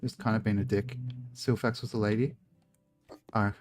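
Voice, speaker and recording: A man's voice: fairly low pitch, little pitch movement, moderate pace, a little mellow, soft background music. A man chatting casually and joking as he streams a video game, swearing freely. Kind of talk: casual chat while gaming.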